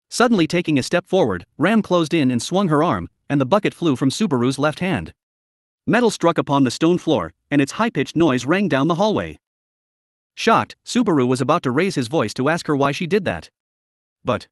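A man narrating a novel as an audiobook in an expressive storytelling manner. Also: fairly high pitch, a little fast, dry recording, studio quality.

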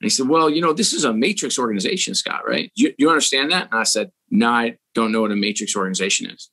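A middle-aged man telling a story in a casual podcast interview, acting out the dialogue in it with lively voices. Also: mid-range voice, fast talker, husky. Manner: animated, acts out quoted dialogue. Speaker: sports executive, podcast guest.

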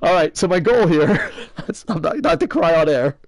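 A man's voice: fairly high pitch, moderate pace. A man hosting a casual gaming video, rambling through jokes, sarcastic rants and cursing while chatting with a friend off-mic. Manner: excitable, talks to a friend off-mic.

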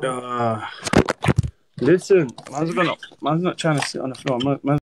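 A man's voice: medium pitch, moderate pace, darkish tone, a little hiss or hum. A man hosting a livestream, chatting casually in slang and bantering with viewers. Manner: laid-back, slang-heavy, banters with viewers. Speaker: livestream host.

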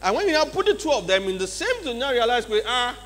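A man with a Nigerian English accent giving a lively leadership seminar talk in a large church hall, often checking in with his audience. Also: very high voice, fast. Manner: acts out examples in changed voices. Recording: long hall reverb, faint mains hum.

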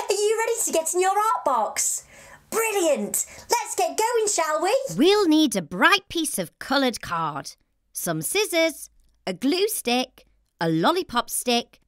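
Very high, lively woman presenter. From England. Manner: cheerful and encouraging, slow and clear for young children. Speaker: children's show host. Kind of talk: children's TV presenting.

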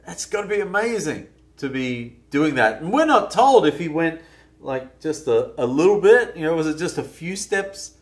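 A man's voice: fairly high pitch, very animated, moderate pace. A man preaching a sermon in a conversational, musing way, often restarting his phrases. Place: church.

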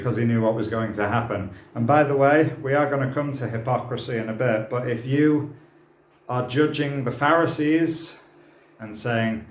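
Brief: male preacher, impassioned and dramatic, mid-pitched, roomy church hall sound. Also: normal speed. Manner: impassioned, dramatic, rhetorical questions. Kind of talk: sermon.

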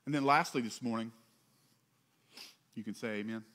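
A male pastor preaches in a conversational style, dropping in asides and quick jokes. He rises in pitch and volume for emphasis and drops low and soft on his closing and key points.

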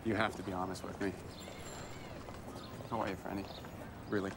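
An actor playing a joking boss who becomes earnest about deadlines. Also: male voice, low voice, flat delivery, a little fast, gravelly, noisy background. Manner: jokey, teasing, then earnest. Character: man, joking boss and publisher. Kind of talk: film acting.

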